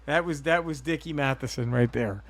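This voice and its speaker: A man's voice: mid-range voice, moderate pace, slight background noise. A man hosting a podcast in casual chat, rambling and profane as he tells a story. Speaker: podcast host.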